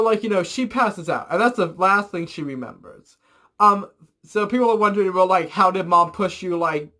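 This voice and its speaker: High-voiced young man rambling a story. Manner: rambling, filler-heavy, animated storytelling with swearing. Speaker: vlogger. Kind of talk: casual storytime vlog.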